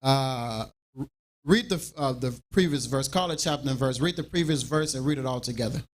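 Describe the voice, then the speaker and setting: A man leading a scripture class in an animated preaching style, acting out everyday dialogue to make his points. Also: medium pitch, moderate pace.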